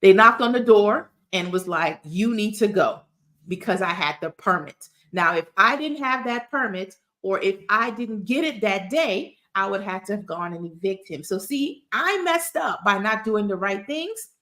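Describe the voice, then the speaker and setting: A woman's voice: mid-range voice, expressive, moderate pace, pushed and bright. A woman, a tax resolution expert giving casual advice straight to camera. She tells stories with plenty of emphatic asides. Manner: chatty, emphatic, storytelling with asides.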